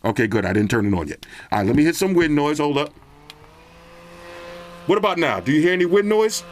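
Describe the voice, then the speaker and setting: A man's voice: fairly high pitch, animated, fairly quick. A man casually reviewing earbuds on his channel, chatting straight to viewers in slang. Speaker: product reviewer. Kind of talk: casual tech review vlog.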